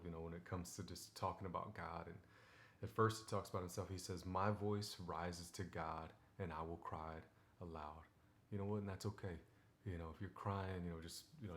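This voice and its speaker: A man with a very low voice talks through a scripture passage in a relaxed, chatty devotional style. He reads the verses slowly and fills his explanations with easy filler phrases. A faint hum of background noise sits under the recording. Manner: conversational, many "you know"s, reads verses slowly. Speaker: Bible teacher. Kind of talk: casual devotional talk.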